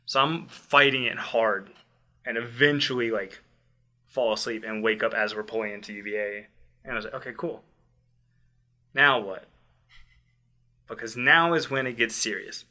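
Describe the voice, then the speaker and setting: A young man casually telling a personal story, acting out quotes and dropping quiet in tense moments. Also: mid-range voice, moderate pace, pauses often. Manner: animated, acts out quotes loudly then drops to quiet. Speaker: podcast host telling a story.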